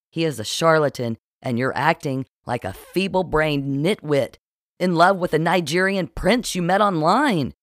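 A man's voice: fairly high pitch, no echo, clean studio sound, pitched above the performer's own voice. Dee, a man voicing a sarcastic scolding woman. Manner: sarcastic, forceful, bossy. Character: blunt, scolding middle-aged woman friend. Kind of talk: audiobook character voice.

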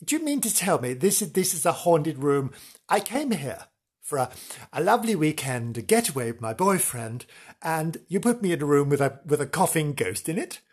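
A man voicing Janice, an excitable woman reporter staying at a hotel, in a high, fluttery, breathless voice. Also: normal speed, slightly rough. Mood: alarmed.

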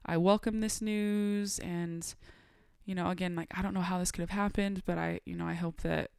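A young adult woman sits as a podcast guest and tells a personal story in casual conversation. Her voice sits a little low for a woman, smooth and edged with gravelly fry. She laughs often and acts out the lines she quotes, recorded close and dry. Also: fairly even intonation, normal speed, darkish tone, no echo.

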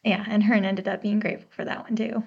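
A woman's voice: mid-range voice, level tone, quick pace, gravelly, breathy edge. An American woman co-hosting a book podcast, in a casual, chatty discussion, laughing often and unsure over pronunciations. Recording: dull lo-fi podcast mic.

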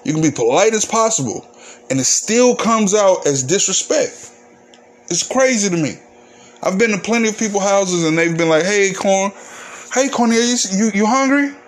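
A man's voice: high-pitched, expressive, normal speed. A man hosting his own podcast, talking casually in a candid, ranting, profane monologue. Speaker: podcast host.

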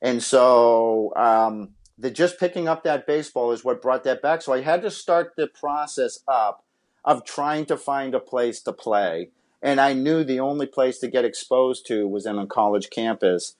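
A man from Massachusetts speaks as a podcast guest at an ordinary, mid-range pitch. He tells his life story earnestly and from the heart, in the style of a personal testimony. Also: unhurried. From Massachusetts, USA. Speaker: interview guest, former pitcher and scout.

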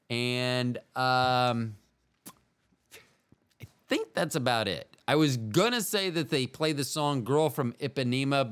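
A man hosts a solo podcast in a loose, wandering monologue, often breaking off mid-thought. His voice is smooth and clear at a middling pitch. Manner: meandering, self-interrupting, wry. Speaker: podcast host.

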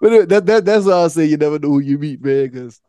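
A man co-hosting a podcast, telling a rambling, slangy story and laughing as he goes. His voice sits slightly high and sounds dry and close. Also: animated, fast, dark tone, clear, resonant tone, dry recording. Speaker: podcast co-host. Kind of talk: casual storytelling chat.

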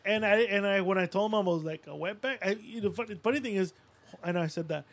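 High-voiced and quick, a thirty-something man from Puerto Rico co-hosts a podcast. His casual chat runs on profane, crude anecdotes, heavy swearing, and impressions of whoever he's quoting.

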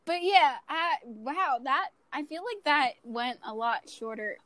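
Woman, high voice, playful podcast host, casual chat. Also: animated, unhurried, pushed and bright, no room sound. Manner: playful, teasing.

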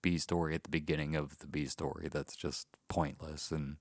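Low-voiced male podcast co-host, sarcastic plot recapper, dry close sound. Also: level tone, normal speed, no room sound. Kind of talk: casual comedic movie review chat.

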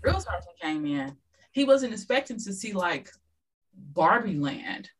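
A woman's voice: on the low side, unhurried, slightly rough, low-quality recording. A woman guest in a casual podcast chat, telling stories and acting out dialogue. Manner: lively storyteller who acts out dialogue.

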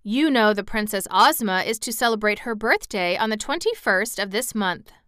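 A woman reading aloud and voicing a grand, gracious male fox king in a storybook, with a courtly, flattering manner. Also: medium pitch, normal speed, clean tone, dry recording, clean studio sound, lightly acted.

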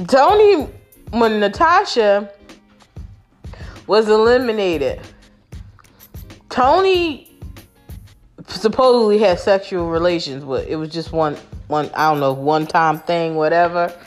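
A woman's voice: fairly low pitch, sing-song, slow, pauses often, faint music behind. A woman chatting casually to her viewers, rambling with lots of fillers and restarts and calling them y'all. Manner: talks to her audience as y'all. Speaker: vlogger recapping a reality show.

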